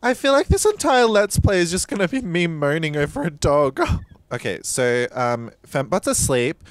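A man's voice: on the high side, expressive, moderate pace, hardly any pauses, dry recording. A man as a drag queen streamer, commenting casually on a life-sim game, gushing, gasping and squealing with delight and swearing freely. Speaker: drag queen let's-play host.

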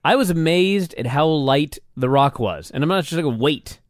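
A man's voice: fairly high pitch, lively intonation, no room sound, studio quality. A man co-hosting a podcast, musing and arguing his points about old wrestling in casual chat. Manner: musing, argumentative, quick to react. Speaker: podcast co-host.

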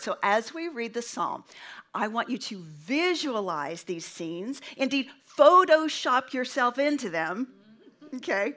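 A woman delivers a sermon in a slightly high voice, taking her time over every phrase. She stresses key words and lets pauses hang for effect, and she calls on the congregation to answer her. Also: fairly bright tone. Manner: slow, emphatic delivery with dramatic pauses; invites the congregation to respond. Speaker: preacher.

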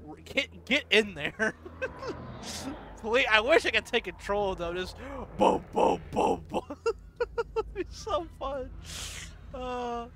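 A man giving casual, excitable gameplay commentary, laughing often and swearing freely. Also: high voice, slow, gravelly, noisy background. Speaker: gaming channel host.

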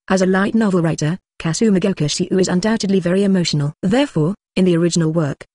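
Flat machine-read audiobook narrator. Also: medium pitch, no echo, studio quality. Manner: even, flat machine reading that speaks punctuation aloud.

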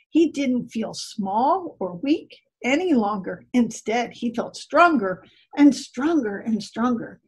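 A woman reading a rhyming story aloud at a church service, slow and expressive. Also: high-pitched, breathy edge, rough recording.

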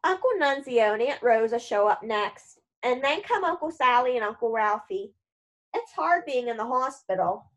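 A woman's voice: a little high, expressive, normal speed. A woman reading a first-person storybook aloud in a wry, dry manner. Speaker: audiobook narrator.

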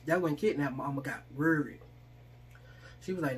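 A woman's voice: low voice, normal speed, slight background noise. A woman in casual storytelling style, speaking, acting out the people she quotes while eating on camera. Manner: chatty, acts out quoted voices, eating while talking. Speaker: vlogger.

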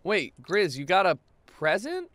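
A young man talks his way through a life-sim game, swearing freely and breaking into yells when things go wrong. His voice sits high and bright, and his pitch leaps around constantly. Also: unhurried. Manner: profane, excitable, yells at the game. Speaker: gaming YouTuber. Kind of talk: casual gameplay commentary.

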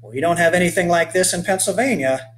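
A bright, chatty aunt in a children's storybook, read aloud by a man who lifts his voice for her. She sounds encouraging and talkative, set against a faint steady hum. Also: sits high, a little fast, pitched above the performer's own voice. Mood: delighted. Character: cheerful middle-aged aunt visiting.

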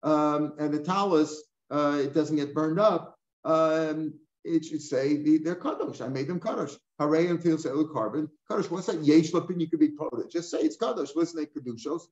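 An older male Talmud teacher explains the text line by line, firing off rhetorical questions and slipping into Hebrew and Aramaic terms. His voice sits a little high for a man. The recording is roomy and dull, like a lo-fi class recording. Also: normal speed, hardly any pauses, darkish tone. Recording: echoey room, dull lo-fi sound.

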